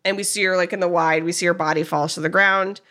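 A woman podcast co-host casually recapping a movie's plot, telling it with animated energy and frequent fillers. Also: lowish voice, quick pace. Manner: animated storyteller, frequent "like" and laughs.

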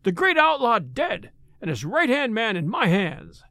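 A man's voice: high-pitched, huge pitch swings, moderate pace, fairly bright tone, no echo, clean studio sound, exaggerated voice. A man voicing a scheming, gloating sheriff in a storybook reading. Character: scheming gloating male sheriff, middle-aged.

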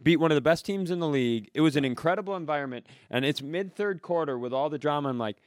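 A man's voice: a little high, lively intonation, fast, dry recording, studio quality. A man co-hosting a comedy podcast, telling stories in a rambling, self-mocking way. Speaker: podcast co-host. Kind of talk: casual comedic chat.

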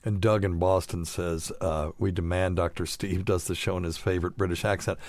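A man's voice: low voice, steady tone, brisk, darkish tone, dry recording. A man hosting a casual live-stream podcast, chatting loosely and joking with chuckles. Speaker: podcast host.

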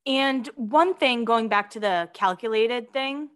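A woman's voice: a little high, takes it slowly, a bit bright. A woman co-hosting a podcast, reading gossip items aloud and chatting with giggly asides. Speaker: podcast co-host.

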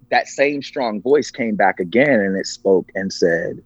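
A man's voice: on the low side, lively intonation, a little slow, few pauses, slightly rough, no room sound. A man sharing a personal story as a podcast guest, earnest and emotional. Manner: earnest, emotional, acts out quoted voices. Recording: dull lo-fi, dry.

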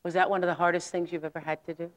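A woman's voice: on the low side, flat delivery, very fast, faint music behind. A woman hosting a talk show, interviewing a guest and affirming with frequent murmurs.

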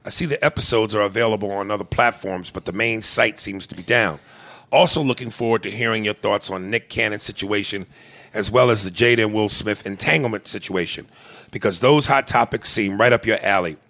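Loud gravelly podcast co-host man. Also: fairly low pitch, fairly quick. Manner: loud, animated, swings between shouts and murmurs. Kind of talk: crude comedic podcast banter.

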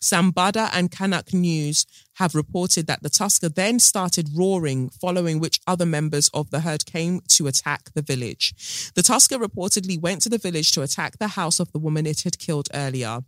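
A chatty woman host reads a news article aloud, stopping for asides and "um"s and tripping over unfamiliar names. Her voice is bright and forward. The recording is close and dry. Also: on the low side, normal speed, no room sound. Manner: chatty, filler-heavy, stumbles over names while reading. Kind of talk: casual chat, reading a news story aloud.

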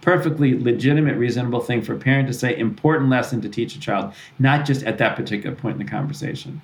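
A man's voice: mid-range voice, quick pace. Thoughtful man explaining parenting. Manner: thoughtful, restarts and self-corrects, acts out parent-child dialogue. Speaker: psychologist and author, podcast guest. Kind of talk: conversational explanation.

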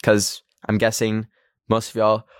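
A man's voice: on the low side, monotone, unhurried, no echo, clean studio sound. A young man hosting a casual solo podcast, anxious and rambling, full of filler words. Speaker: podcast host.

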